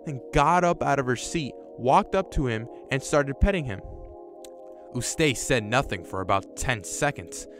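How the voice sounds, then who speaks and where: A man's voice: medium pitch, expressive, a little slow, fairly bright tone, faint music behind. A man casually reads a horror story aloud and adds his own reactions, sometimes swearing. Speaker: YouTube storyteller. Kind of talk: reading a horror story with commentary.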